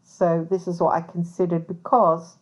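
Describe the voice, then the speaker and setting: A woman's voice: fairly low pitch, flat delivery, moderate pace, lo-fi sound. A woman who works as a private investigator, talking casually to camera in a rambling way full of asides. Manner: rambling, many fillers and asides.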